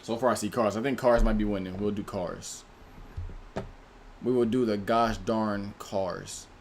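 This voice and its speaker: A man's voice: lowish voice, fairly even intonation, a little slow, a little mellow, a little hiss or hum. A man hosting a casual livestream, reading out viewers' names and chatting in about their movie picks. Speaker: livestream host.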